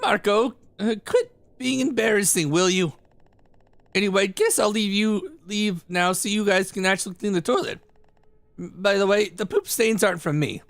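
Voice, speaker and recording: A man's voice: sits high, normal speed, gravelly, fairly bright tone, no echo, voice pushed up. A man voicing a timid, upset young boy who stammers nervously, reading game dialogue on stream.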